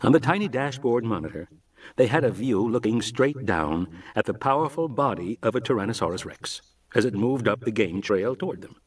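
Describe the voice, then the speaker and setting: Guy reading a novel out loud, husky, kinda far from the mic. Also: mid-range voice, a little fast. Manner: expressive storytelling delivery. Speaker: audiobook narrator. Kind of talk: scripted narration.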